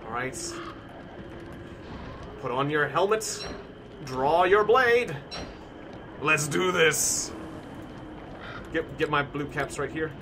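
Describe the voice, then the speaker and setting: A male streamer with a slightly high voice narrates his survival game as he plays it. He thinks out loud and bursts into shouts when things go wrong. A steady noise sits clearly behind his voice. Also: slow, pauses often. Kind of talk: live-stream gameplay commentary.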